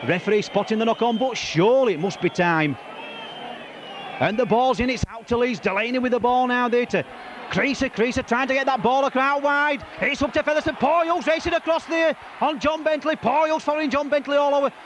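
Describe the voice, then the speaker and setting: Hoarse, very high-pitched commentator. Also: male voice, brisk, a faint crowd. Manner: excitable, partisan, rattling off player names. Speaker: rugby league commentator. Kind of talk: live match commentary. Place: outdoor rugby ground. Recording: noisy outdoor broadcast.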